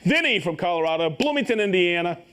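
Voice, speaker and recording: Brief: high, animated male host, upbeat and joking, calling out viewer shout-outs live. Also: quick pace, clean tone. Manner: upbeat, reads viewer names and places, jokes and stumbles on pronunciations. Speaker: host of a live tool show.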